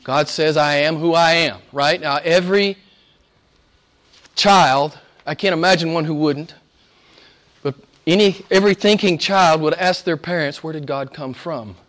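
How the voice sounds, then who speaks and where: A man preaching a sermon as pastor, conversational with chuckled asides, dropping to hushed whispers and rising to loud emphatic peaks. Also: on the high side, measured pace.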